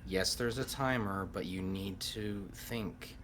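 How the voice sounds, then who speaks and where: A man playing a tabletop role-playing game, speaking in a calm, encouraging way to the others. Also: lowish voice, slow pace, background noise. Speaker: player.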